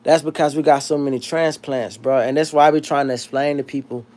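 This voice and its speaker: Profane, animated man. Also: fairly high pitch, brisk. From South Florida. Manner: profane, animated, rambling with restarts. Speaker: livestream host. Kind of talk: casual livestream chat reading comments.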